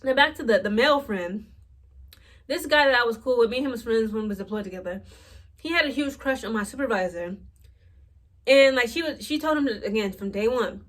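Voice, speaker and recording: A woman's voice: on the high side, animated, a little fast, a bit bright. Blunt, exasperated young woman ranting. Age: late 20s. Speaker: vlogger. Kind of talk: casual storytelling rant.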